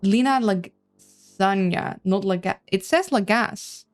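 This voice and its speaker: A woman's voice: lowish voice, fairly even intonation, moderate pace, creaky, long pauses, a little mellow, soft background music. A woman casually playing a narrative game, reading its text aloud with chatty, playful asides and stumbles over names. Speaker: let's-play streamer.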